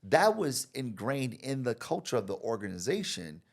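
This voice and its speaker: Lively American man telling stories. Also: medium pitch, normal speed. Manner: animated, acts out quoted people with big jumps in voice. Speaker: podcast guest, marketing expert. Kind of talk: conversational interview storytelling.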